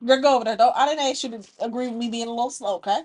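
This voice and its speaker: Animated high-voiced woman vlogger. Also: racing. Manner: animated, talks straight to the audience. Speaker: story-time reaction vlogger. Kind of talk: casual chat to viewers.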